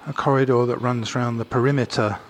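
A man's voice: mid-range voice, fairly even intonation, brisk, a little hiss or hum. A man, an art critic and host, narrating a walking tour and describing his surroundings step by step, slightly out of breath. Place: indoor gallery corridor.

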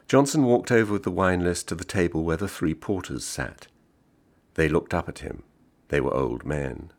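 Male reader for a literary short story: dry and measured, lively intonation. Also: extremely low pitch, vocal fry, slightly rough.

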